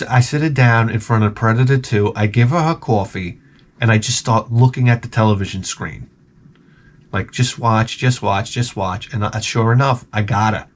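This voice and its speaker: A middle-aged man telling rambling, profane stories in a casual vlog, jumping into loud joking exclamations. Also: medium pitch, moderate pace, slight background noise. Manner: excitable, profane, jokey, with sudden loud exclamations. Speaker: video game vlogger.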